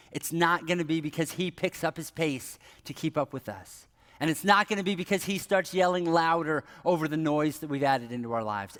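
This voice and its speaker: A middle-aged man giving a devotional talk as a pastor, earnest and conversational, often dropping to a near whisper. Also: on the high side. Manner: soft-spoken, dropping to near whisper for scripture; earnest, conversational, rises when animated. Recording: long hall reverb.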